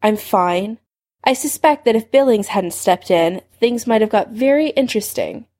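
A woman's voice: medium pitch, expressive, normal speed, darkish tone, lightly acted. A woman voicing a bitter teenage wizard who speaks with clipped resentment, in a story reading. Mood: resentful.

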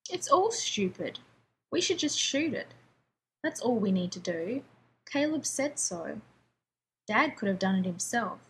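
A woman's voice: mid-range voice, very animated, measured pace, long pauses, slight background noise, low-quality recording. A woman voicing a sulky, scornful young boy in a story reading, with a whiny, petulant manner.

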